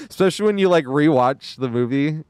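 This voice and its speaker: A man's voice: on the high side, a little mellow, clean tone, dry recording. A man live-streaming a game, chatting casually in a rambling, profane way, chuckling often. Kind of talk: casual live-stream chat while gaming.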